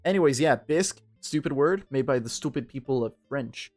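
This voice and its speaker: A man's voice: mid-range voice, animated, a little fast, darkish tone, soft background music. A tipsy man in casual game commentary, reading the text aloud, rambling and swearing. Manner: rambling, profane, tipsy and joking. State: drunk. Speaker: game streamer.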